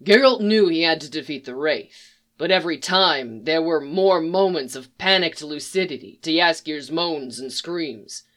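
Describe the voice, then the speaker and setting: Slow, solemn storybook reader. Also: mid-range voice, a bit bright. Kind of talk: fan fiction story reading.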